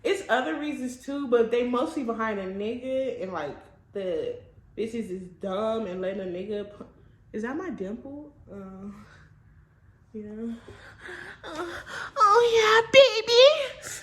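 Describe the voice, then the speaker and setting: A woman's voice: fairly high pitch, a little slow, darkish tone. Blunt, profane young woman telling a story. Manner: blunt, profane, laughs often. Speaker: vlogger. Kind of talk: casual storytime. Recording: echoey room.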